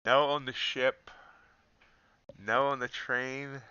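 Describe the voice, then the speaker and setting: A man's voice: medium pitch, flat delivery, takes it slowly, sharp tone, smooth, dry recording, highs cut off. A man hosting a trading livestream, reading out the day's schedule and chatting in an easygoing, self-deprecating way. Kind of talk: casual livestream chat.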